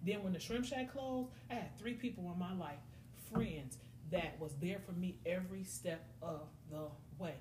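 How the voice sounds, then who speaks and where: Middle-aged woman as podcast host, animated storytelling, echoey room. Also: lowish voice, moderate pace. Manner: animated storytelling, acts out friends' voices. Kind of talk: casual podcast chat. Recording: echoey room, faint noise.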